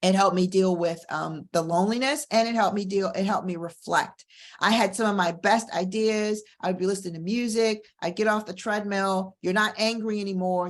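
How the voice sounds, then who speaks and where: A middle-aged woman who hosts a show as a divorce coach, talking in a candid, energetic casual way and repeating phrases for emphasis. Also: mid-range voice, normal speed. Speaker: divorce coach and podcast host. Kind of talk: casual motivational talk.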